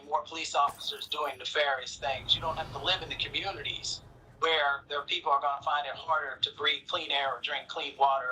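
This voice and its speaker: A man's voice: fairly high pitch, pushed and bright, low-quality recording. A man streaming and reacting to videos, talking casually to his viewers with many restarts. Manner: rambling with restarts, talks to viewers as y'all. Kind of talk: casual commentary.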